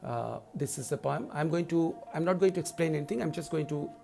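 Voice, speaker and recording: A middle-aged man teaching verse in an online lecture, his voice a little high and noticeably gravelly. He explains step by step in a slow, deliberate way. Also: mellow. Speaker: university English lecturer.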